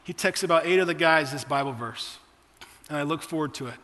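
Bright-voiced pastor preaching in a hall. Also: male voice, on the high side, a little fast. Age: 40s. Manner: conversational preaching with personal stories and asides. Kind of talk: sermon.

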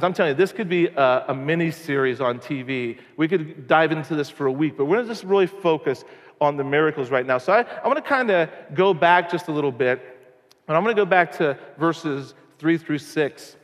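A man preaching a sermon, telling stories in a conversational, animated way. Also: a little high. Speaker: pastor. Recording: long hall reverb.

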